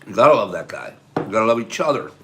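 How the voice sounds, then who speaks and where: A man's voice: lowish voice, very animated, quick pace, pushed and bright, slight background noise. A man hosting a casual morning chat with viewers, rambling in a sentimental way and chuckling as he goes. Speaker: host of a morning show.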